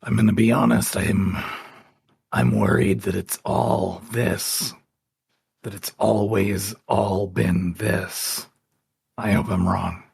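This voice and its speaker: A man voicing a weary, frightened agent, speaking slowly in a halting, uncertain way. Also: fairly even intonation, a little mellow, dry recording, exaggerated voice. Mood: worried. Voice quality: gravelly, husky low voice.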